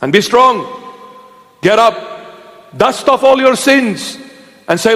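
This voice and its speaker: A man's voice: very high voice, lively intonation, slow, long pauses, fairly bright tone, in a large hall. A man serving as a bishop, preaching a sermon in an emphatic, exhortative manner and repeating short commands.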